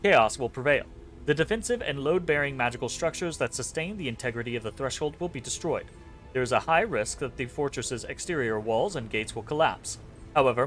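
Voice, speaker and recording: A man doing a cheap flat robot voice. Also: mid-range voice, lightly acted. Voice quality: flat semi-robotic delivery. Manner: clipped protocol-style statements. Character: imprisoned male metal construct, cold and logical. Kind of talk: reading game dialogue aloud.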